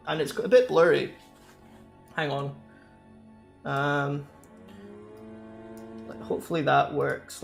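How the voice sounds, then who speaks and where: A man's voice: fairly high pitch, gravelly, fairly bright tone. A young man chatting casually with his stream viewers, rambling and laughing often. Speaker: live streamer.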